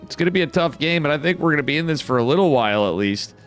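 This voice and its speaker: A man with an upstate New York accent giving casual live commentary on a strategy game, swearing now and then and bursting into excited outbursts. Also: on the high side, rapid-fire, soft background music. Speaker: esports caster.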